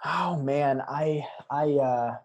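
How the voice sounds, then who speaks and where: A man as a guest on a casual podcast interview, rambling through animated stories. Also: fairly high pitch, takes it slowly, crowd noise. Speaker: guest filmmaker.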